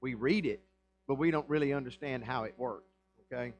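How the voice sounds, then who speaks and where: A man's voice: medium pitch, a little fast, soft background music, low-quality recording. A man preaching a sermon as pastor, reading scripture and explaining it in a conversational way with rhetorical questions and asides. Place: church.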